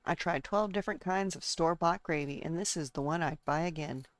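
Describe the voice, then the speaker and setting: A woman's voice: sits low, fairly quick, no room sound. A woman streaming a game and chatting casually, rambling from one thought to the next and talking to her chat and herself.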